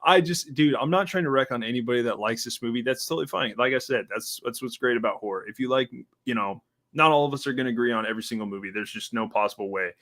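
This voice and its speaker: Quick-paced and medium in pitch, a young man running a podcast keeps the chat casual and full of profanity. He's lively, lampooning film lines in over-the-top voices.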